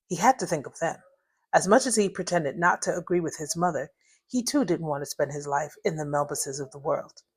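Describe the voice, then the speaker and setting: Author reading her own fiction at home: lowish woman's voice, chatty asides between passages. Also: breathy edge. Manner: chatty, laughs at her own typos and stumbles. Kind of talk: reading aloud with casual asides. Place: living room at home.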